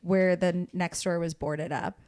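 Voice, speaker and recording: A woman's voice: fairly low pitch, fairly even intonation, a little slow, darkish tone. A young woman co-hosting a podcast, telling stories in a gossipy, casual way and swearing freely. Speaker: podcast co-host. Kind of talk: casual chat.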